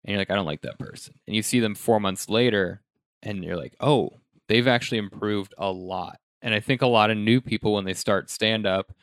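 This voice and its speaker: A man's voice: on the low side, fairly quick, no room sound, studio quality. A man hosting a podcast, chatting casually and reflectively about stand-up comedy with lots of "like" fillers. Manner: relaxed, reflective, many "like" fillers. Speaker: podcast host. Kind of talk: casual chat.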